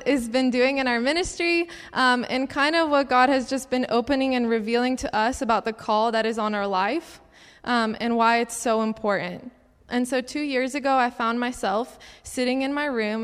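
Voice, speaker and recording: A woman's voice: fairly high pitch, clear, resonant tone. Earnest young woman preaching in a hall. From Cincinnati, Ohio. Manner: earnest, chatty, with many fillers and laughs. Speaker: ministry speaker. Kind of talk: sermon testimony. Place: church hall. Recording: hall reverb.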